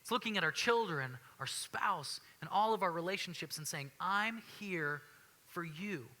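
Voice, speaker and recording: A man in his thirties delivers a sermon to his church, speaking in a casual, earnest way and circling back over his own phrases. His voice sits high for a man, with a very bright, forward tone. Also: expressive, moderate pace. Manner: conversational, earnest, repeats himself and restarts often. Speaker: pastor. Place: church sanctuary.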